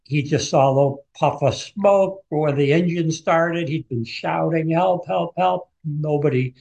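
A man's voice: fairly high pitch, unhurried, a little mellow, muffled recording. A man who is an author, vividly retelling a true story as a guest in a radio interview.

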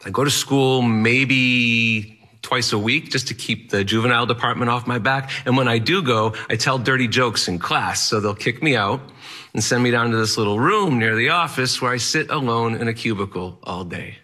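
Bright, candid male storyteller. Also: medium pitch, normal speed. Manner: candid, wry, matter-of-fact. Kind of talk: first-person storytelling performance.

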